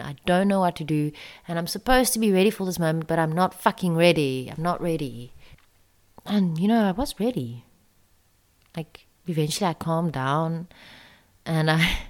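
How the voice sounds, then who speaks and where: A woman telling a personal story in a soft, confessional way that often drops close to a whisper. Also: deep voice.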